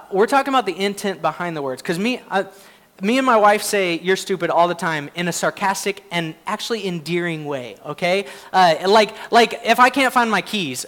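Guy pastor preaching, kinda high voice, earnest and chatty, lots of uhs and restarts. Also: fairly bright tone. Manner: earnest, conversational preaching with frequent fillers and restarts; self-deprecating, laughs often. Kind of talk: sermon.

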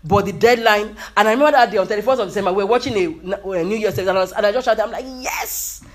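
A man's voice: high voice, racing. A man preaching a motivational sermon with emphasis, repeating key phrases and calling out hallelujah.

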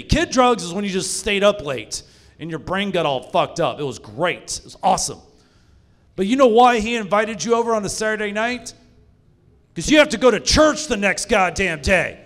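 A man's voice: high-pitched, lively intonation, moderate pace, a bit bright. A young man doing a stand-up set in a comedy club, profane and self-mocking as he tells stories. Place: live comedy club stage.

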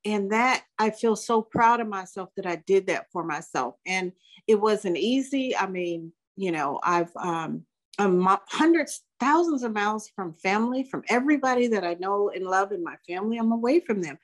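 A woman in her sixties talks as a guest in a relaxed interview. She speaks reflectively, often stopping and restarting, in a middle-pitched voice. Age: 60s. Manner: reflective, halting, with many restarts. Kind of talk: casual interview chat.

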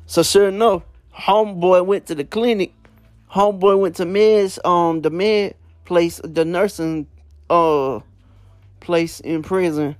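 A man's voice: sits high, fairly even intonation, takes it slowly, no room sound. A man casually retelling prison stories, rambling with lots of fillers and slang. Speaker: storyteller.

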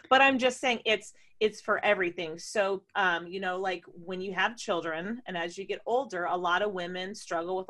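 A woman's voice: on the low side, fairly bright tone. Candid, playful woman podcast co-host. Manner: candid and playful, laughs often; explains step by step. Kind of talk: casual chat.

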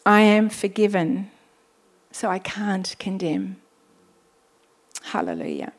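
A woman pastor preaching a sermon, reading scripture slowly and deliberately, with exclamations of praise between points. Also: fairly high pitch, a little mellow.

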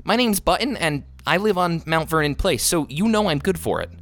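A man voicing an indignant boy-sized man with a shrill treble, blustering and fierce. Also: animated, a little fast, a bit bright, dry recording, clean studio sound. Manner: blustering, ferocious.

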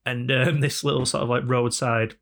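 A man's voice: mid-range voice, little pitch movement, moderate pace, creaky, fairly bright tone. A man hosting a casual podcast, telling stories with plenty of swearing and laughter. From England. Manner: storytelling, sweary, laughing often. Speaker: podcast host. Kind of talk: casual chat.

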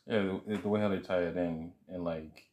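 A man's voice: sits low, fairly even intonation, moderate pace, a little mellow. A man co-hosting a podcast, giving short, laid-back replies in a casual film review chat. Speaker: podcast co-host.

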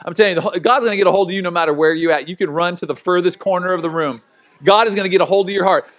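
A middle-aged male pastor preaching a sermon, telling stories with animated humor and frequent laughs. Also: high voice, rapid-fire.

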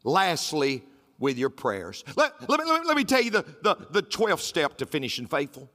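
High, lively preacher in a hall. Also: male voice, moderate pace. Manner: emphatic, repetitive preaching with folksy humor. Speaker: pastor. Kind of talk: sermon. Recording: roomy hall with faint music.

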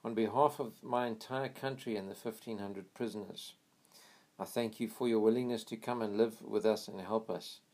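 A man's voice: on the low side, steady tone, normal speed, darkish tone. A man voicing a grieving North African man who speaks earnestly at a friend's grave. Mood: solemn.

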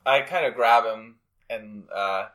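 A man's voice: lowish voice, unhurried, sharp tone. A man playing a tabletop game, joking and playful. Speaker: player. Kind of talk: casual tabletop game chat.

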